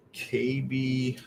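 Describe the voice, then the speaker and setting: A man's voice: mid-range voice, vocal fry, slight background noise. A Canadian man hosting a casual crypto livestream, reading out viewer questions and thinking aloud as he looks things up. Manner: relaxed, thinks aloud while looking things up.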